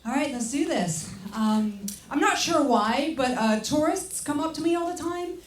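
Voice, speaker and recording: A woman's voice: high-pitched, animated, normal speed. French female stand-up, wry, teasing, roomy distant club sound with a noisy crowd. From France. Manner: wry, teasing the audience, acts out voices. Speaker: stand-up comedian. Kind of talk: stand-up set. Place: comedy club stage.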